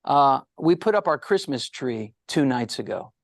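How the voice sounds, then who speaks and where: A middle-aged man with a gravelly, fry-edged voice tells animated stories as an interview guest. He jumps into the voices of the people he quotes. The sound is close and dry, with no room echo. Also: medium pitch, a little slow. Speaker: guest psychologist. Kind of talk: storytelling interview answers.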